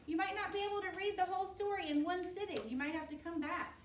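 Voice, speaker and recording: A woman's voice: extremely high pitch, steady tone, fast talker, background noise. A woman teacher reading a picture book to children, encouraging and asking pupils questions by name. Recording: roomy, distant mic.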